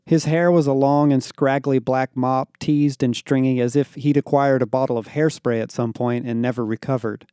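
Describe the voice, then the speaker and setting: A man giving scripted first-person narration of a story in an even, measured way. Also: mid-range voice, smooth, no echo, studio quality.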